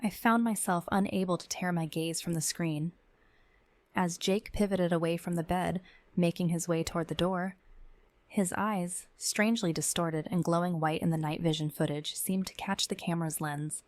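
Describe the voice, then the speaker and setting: A woman giving measured, tense first-person narration of a scripted horror story. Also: fairly low pitch, fairly even intonation, dry recording.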